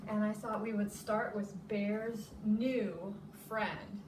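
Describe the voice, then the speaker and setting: A woman preschool teacher reading a children's story aloud in an animated, sing-song way. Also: mid-range voice, slow pace. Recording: echoey room, distant mic, noisy.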